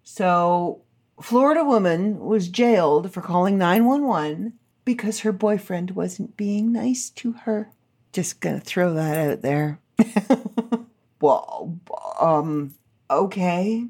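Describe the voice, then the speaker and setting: A woman hosts her podcast in a casual, chatty register. Her voice sits a little low for a woman. She rants with animated, sarcastic humor. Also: slow, breathy edge. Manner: animated, sarcastic ranting storyteller. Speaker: podcast host. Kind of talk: casual chat.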